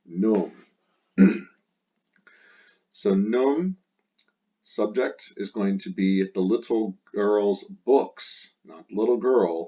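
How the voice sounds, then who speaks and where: Low-voiced male teacher, patient and methodical, repeating each key word; dull lo-fi recording. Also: dark tone. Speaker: Latin teacher. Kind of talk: explaining a textbook exercise.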